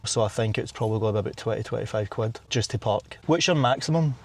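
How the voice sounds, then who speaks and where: Husky brash Scottish man outdoors. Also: fairly low pitch, fast, darkish tone, a little hiss or hum. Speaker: van camping vlogger. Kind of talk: casual vlog chat. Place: outdoors at a campsite.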